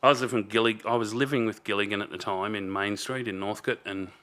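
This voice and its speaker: Deep, bright-toned Australian man telling stories. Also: steady tone, fast. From Melbourne, Australia. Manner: rambling, frequent restarts, blunt swearing. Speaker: podcast guest. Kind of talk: casual storytelling.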